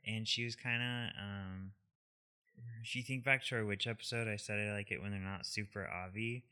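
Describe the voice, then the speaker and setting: A man co-hosting a podcast in casual chat, easygoing, often trailing off softly. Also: on the low side, steady tone, moderate pace, clear, resonant tone. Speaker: podcast co-host.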